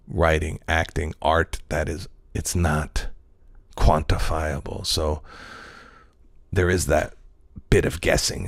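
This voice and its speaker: A man's voice: low voice, gravelly, dry recording, clean studio sound. A male comedian and actor in a casual reflective monologue, talking in a loose, rambling, profane way full of fillers.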